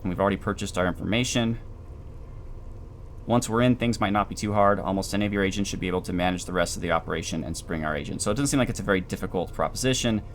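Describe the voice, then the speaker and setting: Calm low-voiced man narrating gameplay. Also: very fast, slight background noise. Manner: calm, dry, explanatory. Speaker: gameplay commentator. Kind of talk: let's play commentary.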